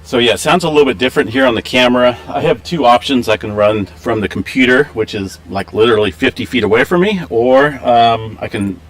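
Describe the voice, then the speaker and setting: Laid back guy rambling on his live stream thru a camera mic, average pitch, lots of uhs. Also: brisk, few pauses. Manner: relaxed, rambling, many "uh" fillers. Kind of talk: casual live stream chat. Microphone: camera microphone.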